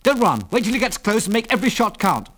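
A man voicing a seasoned male pilot, calm and commanding, who speaks in clipped, matter-of-fact orders. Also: mid-range voice, a little fast, natural voice. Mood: urgent.

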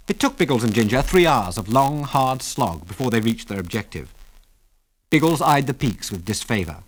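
A man narrating an adventure story in a measured, dramatic reading. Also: mid-range voice, big pitch swings.

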